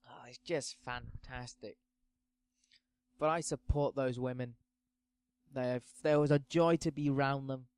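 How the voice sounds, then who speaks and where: A man ranting through a sweary comedic monologue, swinging between loud outbursts and low muttering. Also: smooth, dry recording. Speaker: podcast host.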